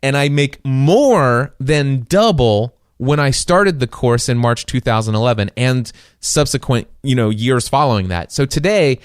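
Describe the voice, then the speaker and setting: A man's voice: medium pitch, clean tone, no room sound. A man hosting his own podcast from a small studio, telling stories with enthusiasm and acting out quoted dialogue. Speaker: podcast host. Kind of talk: solo podcast monologue. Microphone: studio microphone.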